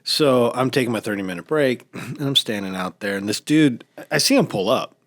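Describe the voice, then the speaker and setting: Lively storytelling middle-aged man. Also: mid-range voice, normal speed, no echo, clean studio sound. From United States. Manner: animated, mimics other people's voices in his stories. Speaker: podcast guest. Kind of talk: casual storytelling chat.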